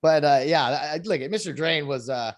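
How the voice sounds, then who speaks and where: A man's voice: on the high side, brisk. A young man hosting a casual podcast interview, chatty and laughing often. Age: young adult. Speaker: podcast host.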